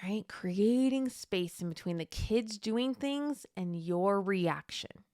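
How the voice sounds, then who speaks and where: Woman, podcast host, encouraging, reassuring, mid-pitched, dry recording. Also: animated, takes it slowly, darkish tone, no echo. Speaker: podcast host and Catholic mom coach. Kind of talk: warm teaching monologue.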